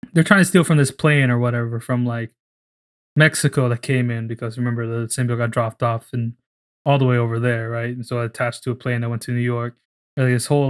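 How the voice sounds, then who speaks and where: A man co-hosting a casual podcast, talking in a rambling, profane way full of restarts. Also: medium pitch. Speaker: podcast co-host. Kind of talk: casual chat.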